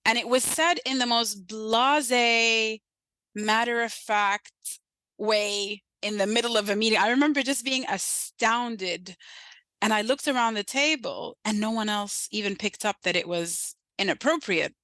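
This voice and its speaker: A woman guest in a conversational interview, telling her story in an emphatic, animated way. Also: on the high side, unhurried, dry recording, rough recording. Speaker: podcast guest.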